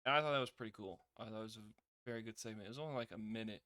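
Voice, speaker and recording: A young man talks through a wrestling recap in a loose, rambling way, full of fillers and sudden bursts of loud excitement. His voice is smooth and resonant, with a close, dry sound that has no room echo. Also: on the low side, very fast. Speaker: wrestling show reviewer. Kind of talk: casual recap review.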